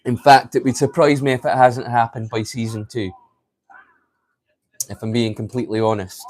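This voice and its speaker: A man's voice: mid-range voice, flat delivery, moderate pace, darkish tone. A man hosting a live stream in casual chat, rambling and thinking aloud to his viewers.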